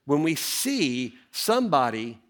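A middle-aged man, a senior pastor preaching a sermon and telling a family story with dramatic swings in his voice. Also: slow pace. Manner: animated, dramatic storyteller with big swings in pitch.

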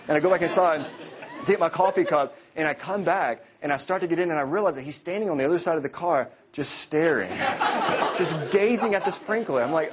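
A man's voice: on the high side, fast talker. A man, a pastor, preaching a sermon with vivid storytelling, often repeating and restarting words.

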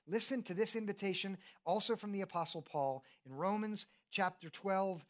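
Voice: mid-range voice, normal speed. Earnest, conversational preacher. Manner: conversational, earnest, asks the congregation questions; often repeats "and, and" when starting a thought. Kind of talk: sermon.

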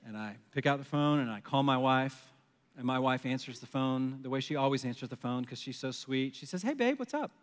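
A man in his forties preaching a sermon, telling a personal story in an animated way and acting out his own panicked phone call. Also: medium pitch, brisk, clean tone. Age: 40s. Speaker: pastor. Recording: long hall reverb.

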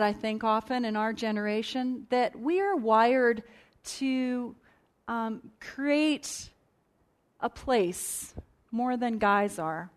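A woman with a fairly high voice speaks from a conference stage, teaching in an earnest, chatty way. She restarts her sentences often and drifts into friendly asides to the audience. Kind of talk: conversational teaching talk.

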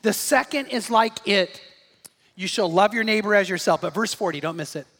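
Male pastor, higher register, emphatic storytelling sermon in a reverberant sanctuary. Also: expressive, moderate pace. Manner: storytelling, emphatic, rises to shouts on key points.

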